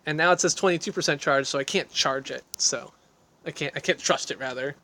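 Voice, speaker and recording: A man's voice: on the high side, brisk, bright, forceful tone. Rambling man chatting on a selfie stick. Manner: rambling, self-deprecating, reads and answers chat aloud. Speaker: livestream host answering viewer questions. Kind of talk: casual livestream chat. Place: outdoor deck of a house. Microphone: phone on a selfie stick.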